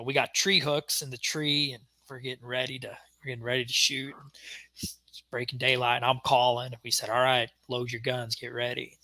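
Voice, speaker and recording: A young man co-hosting a podcast, telling a story in casual chat and acting out the shouted quotes. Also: mid-range voice, no echo. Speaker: podcast co-host.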